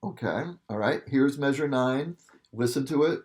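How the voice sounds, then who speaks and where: A man's voice: medium pitch, normal speed, a little mellow. A male music teacher explaining a piece to students in a casual, patient way, often checking in with "okay". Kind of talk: instrument lesson talk.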